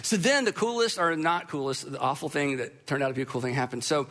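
A man speaks to an audience in a fairly high voice, telling a story with animated, self-deprecating humor. His tone is bright and forceful. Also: quick pace. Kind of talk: storytelling talk to a live audience.

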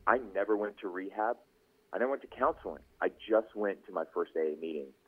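Over the noise of a crowd, a man talks fairly quickly with a fairly low voice. A news anchor and podcast host, he's a guest in an informal radio interview, sharing his story with animation and impersonating the people he quotes, all through tinny phone-line audio.

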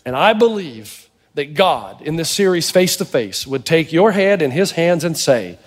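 High-voiced preaching pastor in a hall. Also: male voice, sing-song, moderate pace. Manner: emphatic preaching, acting out inner voices. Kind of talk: sermon. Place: church sanctuary. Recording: long reverb of a church hall.

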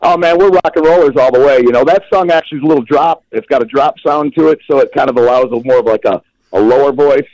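A relaxed man calls in as a musician guest, his voice sitting right in the middle of the male range. He rambles easily, full of fillers and drawn-out pauses, and never sounds in a hurry. The sound comes through a radio call-in line. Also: mid-range voice, no room sound, lo-fi sound. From Western North Carolina. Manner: laid-back, rambling with many uh fillers. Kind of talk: casual phone interview.

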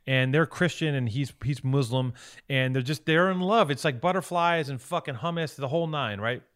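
A man co-hosting a podcast, giving a rambling, profane and excited recap of a movie in casual chat. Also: medium pitch, moderate pace, clear, resonant tone. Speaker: podcast co-host.

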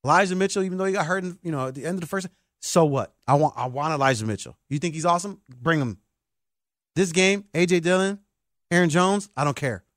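A man hosting a sports talk show, excitable and emphatic like a hyped fan. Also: fairly high pitch, quick pace, no room sound, studio quality. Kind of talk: animated sports podcast talk.

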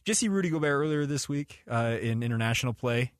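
A man hosting a sports radio show in a studio, bantering casually with animated, chuckling rants. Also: mid-range voice, quick pace, dry recording.

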